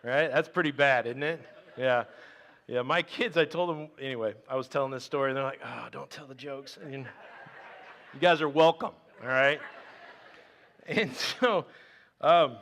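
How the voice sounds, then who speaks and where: A man's voice: mid-range voice, moderate pace, pauses often, fairly bright tone. A man preaching a conversational sermon as pastor, reading scripture aloud and breaking off into playful, joking asides.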